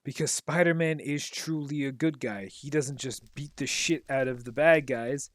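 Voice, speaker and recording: A man's voice: mid-range voice, normal speed, no echo. A man recapping a film in loose, rambling chat, full of fillers and the odd swear, while he plays a game. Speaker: gaming commentator. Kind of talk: casual commentary while playing.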